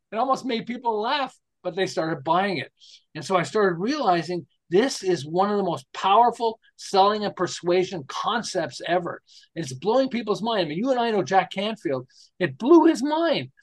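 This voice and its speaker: With a high voice, lively intonation and a moderate pace, a man in his sixties from the United States tells stories as an interview guest. He's a marketing specialist, and his casual, enthusiastic talk includes laughter and rhetorical questions.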